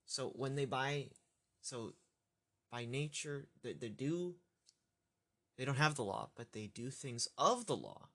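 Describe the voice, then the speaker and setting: A man working through a scripture passage aloud as a teacher, thinking out loud, halting and correcting himself. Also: medium pitch, expressive. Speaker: Bible study teacher.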